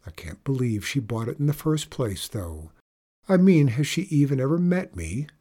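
Husky-voiced guy reading a spooky story, low-key, steady, mid pitch. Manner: measured, low-key first-person telling. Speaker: narrator. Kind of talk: audiobook story narration.

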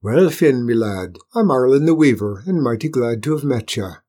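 A man's voice: medium pitch, lively intonation, moderate pace, warm tone, close to an everyday voice. A man doing a hearty weaver. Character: warm red-haired Irish weaver, grown man.

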